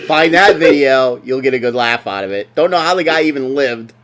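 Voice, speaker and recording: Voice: mid-range voice, expressive, brisk, a bit bright. A podcast co-host in casual sports chat, ranting and mocking with lots of swearing.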